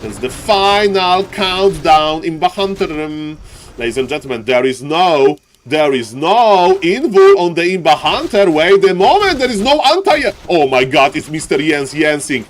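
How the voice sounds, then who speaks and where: A man casting a live strategy game match, jumping between calm play-by-play and excited yelling, repeating his catchphrases. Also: sits high, a little slow. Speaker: game caster. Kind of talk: live esports commentary.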